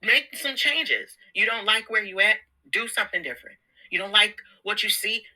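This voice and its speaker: A self-help vlogger gives a casual motivational talk, candid and slangy, often laughing and repeating words. Her voice is medium-pitched and expressive with a sharp tone at normal speed, and the recording is low quality.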